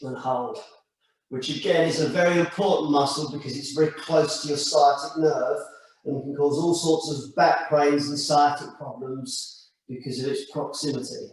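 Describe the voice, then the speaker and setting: A man with a slightly higher voice guides a stretching session in slow, calm step-by-step cues. He sounds a little distant from the mic. Strong echo fills the room around him. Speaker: stretching instructor. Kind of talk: guided exercise class. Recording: echoey room, mic far off.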